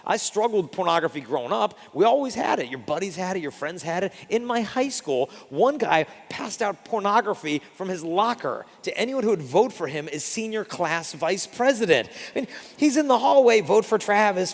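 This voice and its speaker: A man giving a live talk as a Catholic speaker, telling lively stories and acting out the quotes. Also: fairly high pitch, big-room sound. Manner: animated storyteller acting out quotes.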